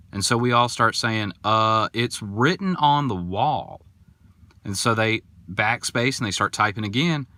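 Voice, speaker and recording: A young man hosting a podcast, telling a story in a casual, animated and indignant way, acting out the people in it. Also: mid-range voice, no echo. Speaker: podcast host.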